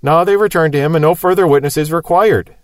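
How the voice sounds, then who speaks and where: A man's voice: fairly high pitch, quick pace, no echo. A man preaching a sermon in a conversational, explanatory way, asking rhetorical questions.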